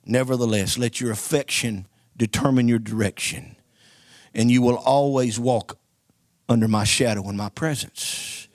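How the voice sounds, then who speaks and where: A man preacher voicing a solemn, tender male spiritual teacher, speaking slowly, hushed and earnest, much lower and quieter than his own voice. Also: steady tone, dry recording, studio quality, close to an everyday voice.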